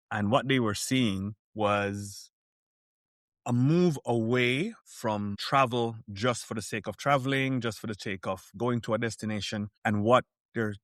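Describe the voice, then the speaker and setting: A man as a podcast guest, talking in an animated, emphatic way and telling stories from the cruise world. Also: fairly low pitch, dry recording, studio quality. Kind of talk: podcast interview.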